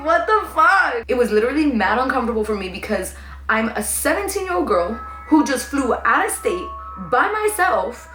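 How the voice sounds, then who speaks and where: A young woman tells her storytime vlog in a loose, animated way, full of slang and swearing. She is recorded in her room, and the room makes her voice echo. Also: on the high side. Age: young adult. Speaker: vlogger. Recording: echoey room.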